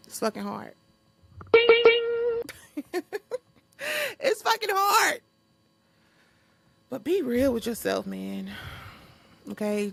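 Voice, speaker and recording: A young woman with a fairly high, gravelly voice talks off the cuff into a close podcast mic. She speaks bluntly, swears freely and laughs often. The sound is dry, with no room behind her. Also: no room sound. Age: young adult. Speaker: podcast host. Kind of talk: unscripted solo podcast monologue.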